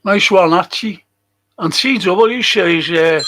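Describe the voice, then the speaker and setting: Slow, grumbling older English host. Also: male voice, sits high, expressive, creaky, fairly bright tone. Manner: grumbling, swears a lot, moaning. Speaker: livestream host. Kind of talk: casual live chat reading viewer comments.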